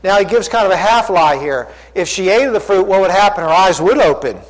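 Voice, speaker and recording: A man with a high, expressive voice preaches a sermon at a brisk pace in a church sanctuary. He is emphatic and full of rhetorical questions, and the recording carries a long hall reverb.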